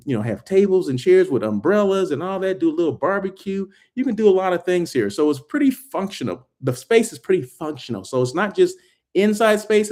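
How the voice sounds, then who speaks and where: Chatty man vlogging while he walks. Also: medium pitch. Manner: chatty, excitable, many asides and "right?" tags. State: out of breath while walking. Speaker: hotel industry vlogger. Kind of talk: casual vlog walkthrough and talk. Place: hotel grounds, indoors and out.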